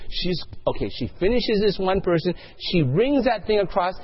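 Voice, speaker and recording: A man's voice: high-pitched, big pitch swings, normal speed, husky, muffled recording. A male pastor delivering a sermon, telling a story and asking the congregation questions.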